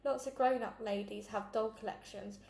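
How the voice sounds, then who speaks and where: Una mujer haciendo de madre de acogida harta, en sala con eco. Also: female voice, on the high side, fairly even intonation, normal speed, creaky, darkish tone. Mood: weary. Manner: blunt, losing patience. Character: exasperated adult foster mum, blunt. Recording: echoey room, faint noise.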